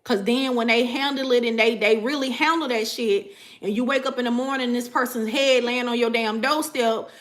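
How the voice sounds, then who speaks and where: A woman vlogging casually to her viewers about spiritual matters, animated and profane, laughing often. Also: on the high side, normal speed. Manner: profane, animated, laughs often, repeats "you know what I'm saying".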